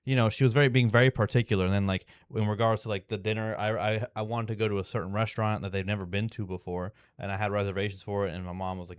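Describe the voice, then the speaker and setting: A young man with a fairly low, smooth, resonant voice rambles through a personal story, tripping over fillers and restarts. He sounds exasperated and swears casually. The sound is close and dry. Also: fairly even intonation, fast talker, no echo. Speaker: vlogger.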